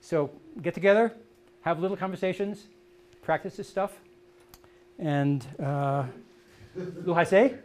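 An older man teaching a language class outdoors, drilling words slowly and patiently correcting pronunciation. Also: high-pitched, slight background noise. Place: outdoor meadow gathering.

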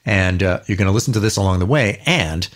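A man's voice: deep voice, quick pace. A man co-hosting a comedy podcast, talking in a playful, mock-earnest way into a studio microphone. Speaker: podcast co-host.

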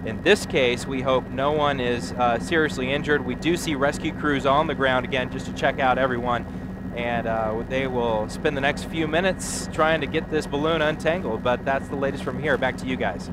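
A man giving a live news report from a helicopter, steady and measured. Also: medium pitch. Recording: loud engine noise behind.

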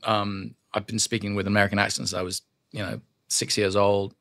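Bright, dry-miked English man. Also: lowish voice, a little fast, gravelly, dry recording. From England. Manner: animated storyteller, slips into character voices. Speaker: voice actor guest. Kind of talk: casual chat. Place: studio.

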